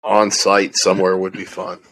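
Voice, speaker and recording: Casual podcast co-host: man, deep and low-pitched, laid-back and drawling. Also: little pitch movement, moderate pace, a bit bright, rough recording. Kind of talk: casual chat.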